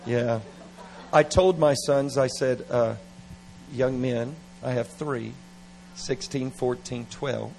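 A middle-aged man preaching at a revival service, animated and playful, with laughing asides. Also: mid-range voice, slow, gravelly, slight background noise, poor audio. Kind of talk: revival sermon.

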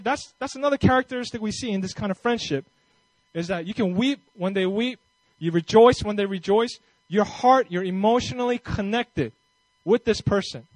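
A male pastor giving a conversational, animated sermon with casual asides and self-deprecating humor. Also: high-pitched, dry recording, rough recording.

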